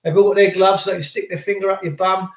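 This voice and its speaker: A man's voice: high-pitched, steady tone, fast talker, roomy sound. A man hosting a livestream, ranting sarcastically and mockingly as he reads out viewer comments. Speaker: livestream host.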